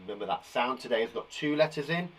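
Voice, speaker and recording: A man with a British accent teaching a phonics lesson to young children, sounding out words slowly and encouraging them. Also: medium pitch, lively intonation, fairly bright tone, slight background noise.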